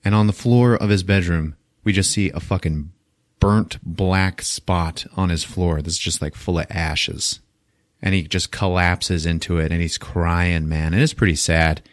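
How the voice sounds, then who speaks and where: Low-voiced man casually recapping a movie. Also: fairly even intonation, a little slow, no echo, studio quality. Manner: laid-back, swears often, laughs a lot. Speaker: podcast host.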